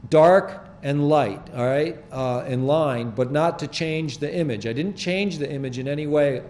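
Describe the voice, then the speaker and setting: A man's voice: a little high, a little mellow, slight background noise. Rambling older man hosting a studio show. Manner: halting, rambling, earnest explanations. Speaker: show host presenting his sky photographs. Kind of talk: casual studio talk. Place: small public-access TV studio.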